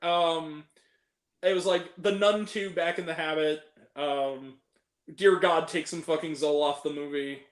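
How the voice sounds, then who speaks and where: A man's voice: fairly high pitch, steady tone, unhurried, reverberant. A young man hosting a casual film review chat, ranting and swearing freely as he picks apart the movies he hated. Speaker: host.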